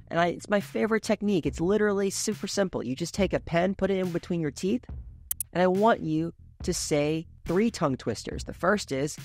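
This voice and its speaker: A man giving clear, emphatic coaching tips as a public speaking coach. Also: a little high, darkish tone. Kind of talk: instructional talk to camera.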